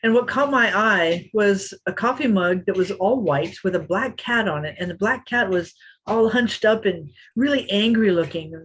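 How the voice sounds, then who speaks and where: Woman telling a lively story. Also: mid-range voice, moderate pace, a little hiss or hum. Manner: lively anecdote teller who acts out quotes. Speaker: interview guest. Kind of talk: storytelling in a podcast interview.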